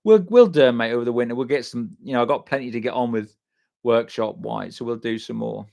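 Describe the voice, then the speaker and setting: A man's voice: mid-range voice, quick pace, gravelly, a little mellow. A man hosting a live stream, chatting casually and swearing freely as he reads out and answers viewer comments by name. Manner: loose, sweary and matey, answering chat by name.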